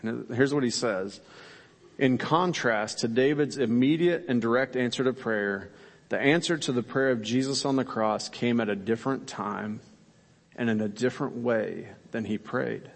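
A man's voice: mid-range voice, moderate pace, gravelly, big-room sound. A male pastor preaching a sermon, earnest and emphatic, asking his listeners rhetorical questions.

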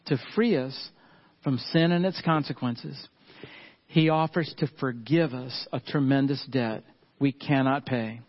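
A middle-aged man, preaching a sermon earnestly and slowing down and softening on key points. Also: medium pitch, lo-fi sound. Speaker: pastor.

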